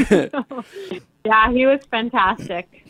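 A woman remembering her father in an interview, candid and animated, a little choked up. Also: fairly high pitch, slow pace, no room sound. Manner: animated, candid, laughing often. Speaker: daughter. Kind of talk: emotional interview. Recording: dry phone-like line.

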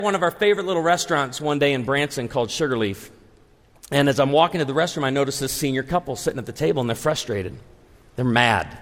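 A man in his forties, a pastor, preaching a sermon with animated, humorous storytelling. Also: medium pitch, fast talker, long reverb tail. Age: 40s.

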